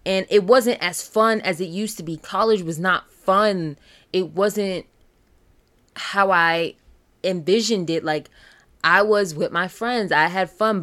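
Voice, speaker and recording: A woman's voice: on the low side, a bit bright, clean tone. A young woman, a college student, talking candidly and earnestly about mental health and self-love. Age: young adult. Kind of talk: personal talk on mental health.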